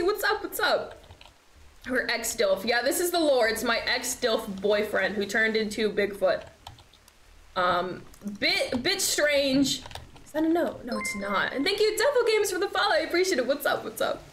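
High-voiced young woman streaming a horror game. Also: sing-song, normal speed, fairly bright tone. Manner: chatty, swears a lot, reacts with nervous laughs. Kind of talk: live game commentary. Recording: echoey room, faint noise.

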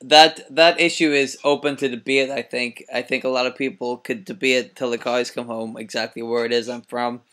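A young man with a Northern Irish accent, co-hosting a podcast in playful, joking banter with deadpan asides. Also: mid-range voice, moderate pace, hardly any pauses. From Northern Ireland. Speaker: podcast co-host.

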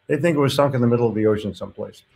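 A man's voice: medium pitch, rapid-fire, gravelly, a little mellow, slight background noise. A man hosting a casual live stream, reading viewer comments aloud and reacting to them in a blunt, chatty way with casual swearing.

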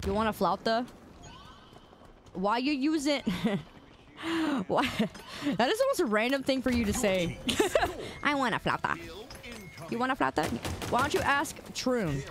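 A woman's voice: a little high, lively intonation, a little slow, pauses often. A woman streaming a game and chatting casually with her viewers, playful and teasing, repeating words in sing-song bursts. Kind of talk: casual chat with viewers while gaming.

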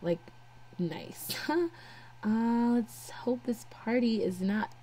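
A woman's voice: on the high side, very slow, dark tone, slight background noise. A young woman giving casual let's-play commentary, chatting to her game characters as she plays. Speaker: gameplay narrator. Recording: faint game music behind.

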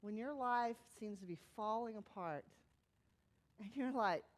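A woman pastor giving a sermon in a conversational, animated way, sometimes dropping to a hushed, soft tone. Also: a little high, a little slow.

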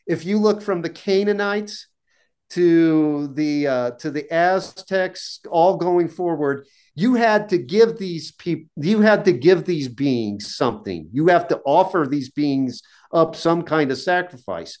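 A man's voice: fairly high pitch, expressive, slow, darkish tone. A man voicing a blunt, skeptical old-school magician. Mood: warning. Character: grounded, skeptical male magician lecturing a peer.

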